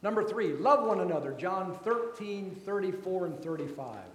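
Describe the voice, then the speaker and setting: A man preaching a sermon as pastor, slow and deliberate, his voice rising for emphasis and then dropping soft. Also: high-pitched, expressive, roomy sound.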